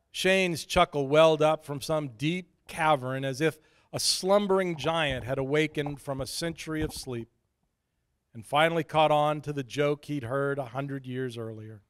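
A man's voice: on the high side, moderate pace, clear, resonant tone. A man from Idaho telling a wry, self-deprecating story as a preacher in a sermon. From Idaho, USA.

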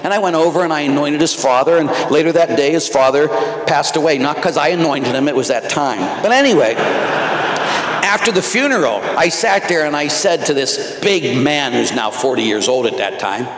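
A man, a priest, giving a fiery talk to a men's conference, dropping quiet and then building to loud exhortations. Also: fairly high pitch, expressive, moderate pace, a little hiss or hum. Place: large church. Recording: echoey church hall.

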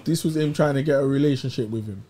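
A man's voice: medium pitch, quick pace. A man co-hosting a casual podcast, talking in slang and often repeating his words. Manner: interrupting, repeating himself, relaxed slang. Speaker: podcast co-host. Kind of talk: casual banter.

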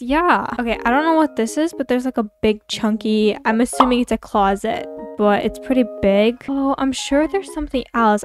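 A teenage girl chatting casually over her building game, tired, rambling and self-mocking. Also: a little high. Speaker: gaming YouTuber. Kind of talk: casual gameplay commentary.

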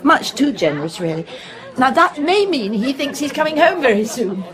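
A chatty, fond middle-aged mother, lively, higher voice, radio play. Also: normal speed, a crowd in the background, noisy background. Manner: chatty, breezy, fussing.

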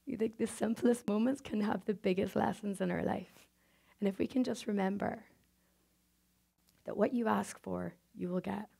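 An Irish woman gives a motivational talk on stage, telling a personal story, acting out the dialogue and often tossing tag questions to the audience. Her mid-range voice has a dark tone, vocal fry and a breathy edge.

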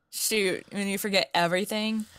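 A woman's voice: mid-range voice, sharp tone, no room sound. A woman co-streaming a story game, reading aloud and chatting hesitantly. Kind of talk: casual chat and reading.

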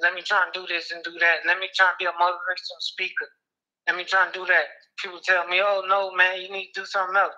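A man in his thirties, a former football player being interviewed, talking haltingly and emotionally, close to tears, repeating words and restarting often. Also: high voice, pushed and bright. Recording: dull lo-fi audio.

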